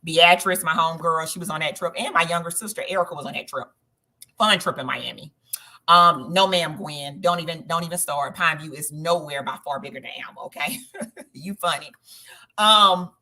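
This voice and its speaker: A woman's voice: low voice, pushed and bright. Chatty Southern woman hosting a livestream. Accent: Southern US, Georgia. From Southern Georgia, USA. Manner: chatty, addresses viewers directly, frequent "okay?" tags. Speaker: host of a travel group livestream. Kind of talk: casual livestream chat.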